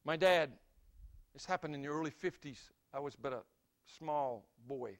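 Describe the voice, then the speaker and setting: An older man, from Greensboro, North Carolina, preaching a sermon by telling a story in an earnest, unhurried way. He drops to a soft hush on key lines. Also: fairly high pitch.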